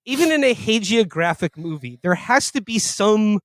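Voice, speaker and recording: A man with a notably high voice holds forth on a comedy podcast, rambling and mocking as he builds his point. The sound is close and dry, with no room in it. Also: lively intonation, normal speed, no room sound. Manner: rambling, laughing, mocking mock-Russian impressions. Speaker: podcast co-host. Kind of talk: casual comedic chat.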